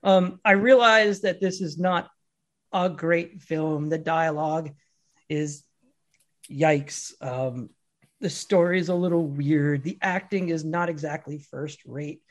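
A man co-hosting a casual film chat, telling stories in an animated way and laughing often. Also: a little high, takes it slowly. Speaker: podcast co-host.

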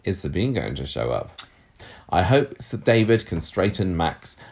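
A man with a very low, deep voice talks on a casual podcast. He chats loosely and reads listener messages aloud, slipping in quick asides. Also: big pitch swings, gravelly, a little mellow. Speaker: podcast co-host.

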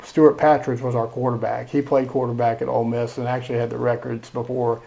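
A middle-aged man, a school superintendent telling lively stories in a podcast interview. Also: medium pitch, a little fast, gravelly, poor audio. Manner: animated storyteller, acts out quoted dialogue.

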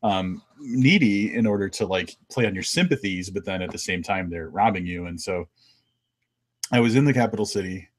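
A man's voice: low-pitched, moderate pace. An American man co-hosting a casual podcast, telling a travel story with many fillers and restarts. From United States. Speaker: podcast co-host.

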